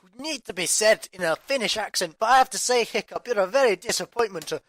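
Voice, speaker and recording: A man voicing a gruff, booming Scottish-sounding Viking chief with a loud, rolling brogue. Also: animated, fast talker. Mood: bellowing.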